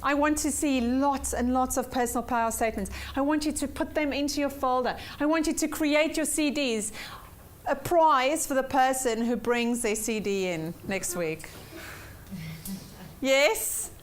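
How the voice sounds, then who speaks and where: A woman's voice: sits high, a little slow, a little hiss or hum. A woman teaching a weekly personal development workshop, upbeat and repeating points for emphasis while checking in with her class.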